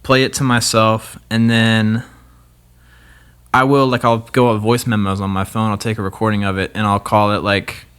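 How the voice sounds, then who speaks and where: A man's voice: lowish voice, level tone, normal speed, fairly bright tone, clear, resonant tone. A young man, a guest guitarist, talking in a laid-back, rambling way with many fillers. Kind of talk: casual chat.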